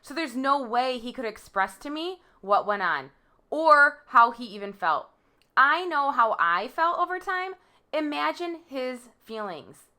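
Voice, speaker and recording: A woman reading her court impact statement aloud, measured and halting, stressing the quoted words. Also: high-pitched, very animated, bright, forceful tone. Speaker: victim giving a statement.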